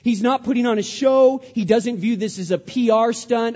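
A man in his thirties, a pastor preaching a sermon, animated and then hushed as he tells a story. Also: sits high, moderate pace, few pauses. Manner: animated preaching, drops to a hush for stories. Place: church hall. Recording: dull sound with long hall reverb.

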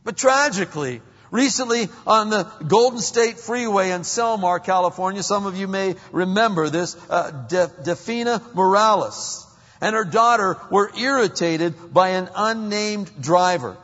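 High-voiced man preaching in a big hall. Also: unhurried. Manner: animated storyteller, swings from loud to hushed. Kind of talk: sermon. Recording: muffled hall recording with long reverb.

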